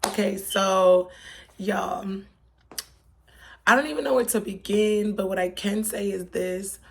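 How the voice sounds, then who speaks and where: Chatty gravelly-voiced woman vlogging. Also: mid-range voice, takes it slowly. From Pennsylvania. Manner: chatty, rambling, slangy and emotional. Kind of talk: casual chat. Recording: faint background noise.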